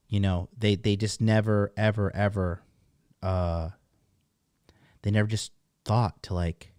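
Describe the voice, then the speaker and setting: A man's voice: fairly low pitch, mellow, dry recording, clean studio sound. A man in his thirties hosting a casual livestream, talking bluntly and profanely in a rambling way. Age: 30s. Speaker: podcast host.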